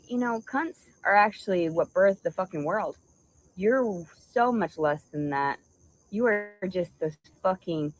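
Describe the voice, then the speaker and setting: A woman's voice: fairly low pitch, poor audio. A woman delivering an angry, profanity-laden vlog rant, insulting and rambling. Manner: furious, insulting, stream-of-consciousness. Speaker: vlogger.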